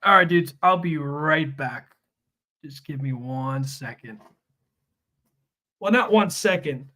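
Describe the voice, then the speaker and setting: A man's voice: on the high side, slow pace, sharp tone. A young man chatting casually with his viewers while he colors on a live stream, laughing often and calling everyone dude and man.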